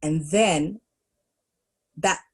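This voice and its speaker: A middle-aged woman, a podcast guest, telling school stories in an animated, laughing way. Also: low voice, drawn-out words, breathy edge. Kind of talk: storytelling in a podcast interview.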